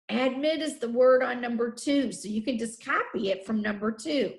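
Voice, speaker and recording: A woman teacher slowly dictating spelling words and sentences to her class, repeating each word deliberately. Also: fairly high pitch, echoey room.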